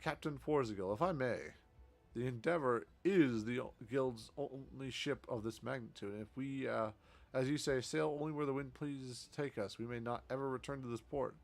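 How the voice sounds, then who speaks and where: A man's voice: mid-range voice, moderate pace, creaky, close to an everyday voice. A man reading a prim guild official. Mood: formal. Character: fussy formal male guild official.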